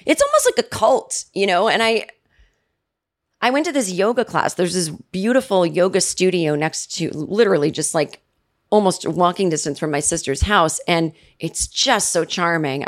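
A woman in her forties hosting a podcast, telling a rambling comedic story in a chatty way and mimicking her family with shrill yells. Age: 40s. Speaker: podcast host. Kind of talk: casual comedic monologue.

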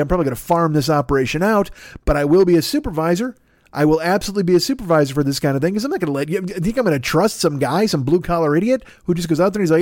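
A middle-aged man hosting a podcast, ranting comedically in a profane, excitable way that swings between loud and quiet. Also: a little high, no echo, clean studio sound. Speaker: podcast host. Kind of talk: comedic rant.

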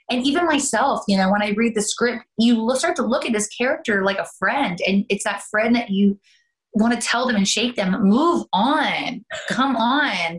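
Canadian woman chatting away in an interview, laughs a lot. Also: fairly high pitch. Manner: chatty, laughing, animated asides. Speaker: soap opera actress, guest. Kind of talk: casual interview chat.

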